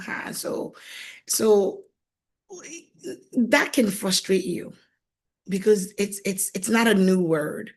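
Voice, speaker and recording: A woman marriage coach giving a faith-based teaching talk, animated, laughing often and acting out quoted voices, repeating phrases for emphasis. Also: medium pitch, takes it slowly, long pauses.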